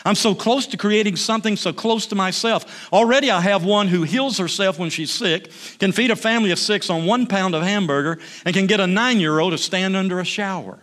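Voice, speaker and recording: A male pastor voicing an eager, tireless Creator God who talks with bright enthusiasm. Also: sits high, a little fast, hardly any pauses, voice pushed up.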